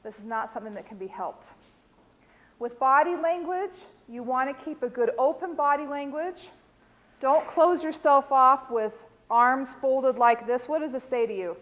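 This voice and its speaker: A woman's voice: high-pitched, normal speed, fairly bright tone, big-room sound, lo-fi sound. An American woman leading a dementia care training class, explaining techniques and quizzing the group with questions.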